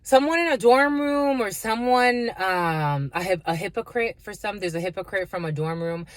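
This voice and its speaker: A woman's voice: medium pitch, normal speed, dry recording. A woman giving a casual spiritual reading, blunt and profane, laughing often and calling listeners her lovies. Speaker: spiritual reader.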